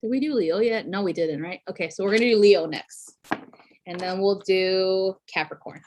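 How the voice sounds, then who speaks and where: A woman running a loose weekly zodiac reading, talking in a chatty, profane way. Her speech is packed with filler words and quick laughs, and her pitch sits mid-range for a woman. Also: darkish tone. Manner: laughs often while talking. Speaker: astrology reader.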